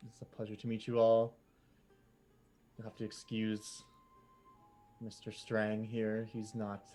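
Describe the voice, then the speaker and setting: A man voicing a composed, formal frog woman ship officer who speaks in a measured way in a tabletop role-play game. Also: fairly low pitch. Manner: formal, measured, softly spoken.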